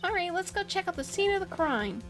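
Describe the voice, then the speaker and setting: Eager young rookie lawyer, read by a woman, high and lively. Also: fairly quick, faint music behind, exaggerated voice. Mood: determined.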